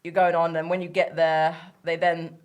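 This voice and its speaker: A woman's voice: lowish voice, flat delivery, normal speed, dull audio. A woman, a guest chatting casually in a frank, blunt way and laughing easily. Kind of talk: casual chat.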